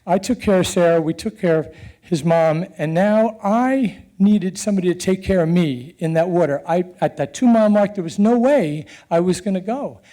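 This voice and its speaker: A middle-aged man tells a personal story in a high-pitched, warm and mellow voice. He's earnest and animated, chuckling and restarting haltingly as he goes.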